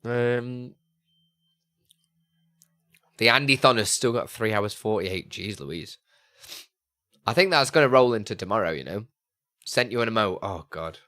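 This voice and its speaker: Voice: mid-range voice, expressive, unhurried, pauses often, sharp tone. A live streamer, chatting casually and thinking aloud while talking to viewers. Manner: rambling, thinking aloud to chat. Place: home streaming setup.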